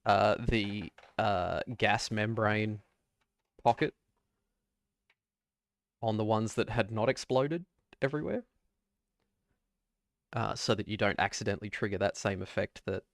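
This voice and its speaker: A man running a tabletop game as game master, narrating in a relaxed, easygoing way with filler words. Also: on the low side, measured pace, creaky, long pauses, no room sound, clean studio sound.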